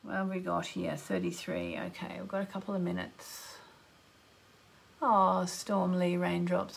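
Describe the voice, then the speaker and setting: Speaking a little slowly with vocal fry, a woman hosts a live radio call-in show on astrology and card reading. She gushes and chats, greeting listeners by name and exclaiming with abrupt jumps up in pitch.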